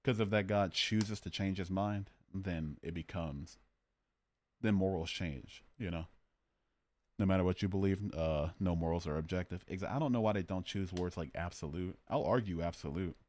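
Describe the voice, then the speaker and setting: A man's voice: sits low, moderate pace, a little mellow. A man hosting a casual livestream, arguing about morality and joking as he reads out his chat. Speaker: livestream host.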